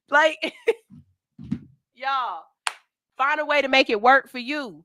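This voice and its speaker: A woman's voice: high voice, a little slow, long pauses, sharp tone, dry recording. A woman hosting a morning radio show in a studio, talking candidly with plenty of cursing and a pep-talk tone while reading listener comments.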